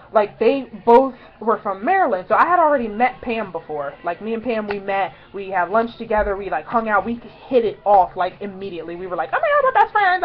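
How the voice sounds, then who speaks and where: A young woman vlogger telling a story in a casual, chatty way, excitedly acting out quotes in higher voices. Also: highs cut off.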